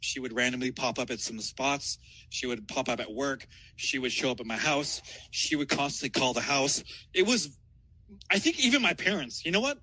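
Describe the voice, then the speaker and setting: A man's voice: mid-range voice, animated, normal speed, pushed and bright, no room sound, poor audio. A man calling in from outdoors downtown, telling a rambling, profane story with frequent laughter. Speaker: caller. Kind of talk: casual storytelling.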